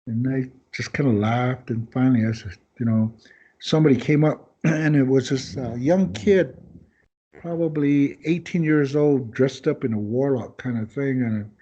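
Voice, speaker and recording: A man's voice: medium pitch, moderate pace, warm tone, slightly rough. A man guesting on a podcast who tells rambling anecdotes in casual storytelling style, acting out other people's lines as he goes. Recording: dull lo-fi podcast audio.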